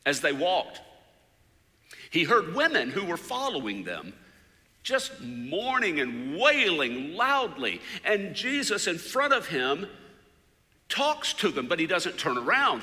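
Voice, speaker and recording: A man's voice: a little high, big pitch swings, unhurried. Man preaching in a big echoing hall. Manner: dramatic retelling, voice rising loud for quoted shouts and dropping soft for prayers. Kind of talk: sermon storytelling. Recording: long hall reverb.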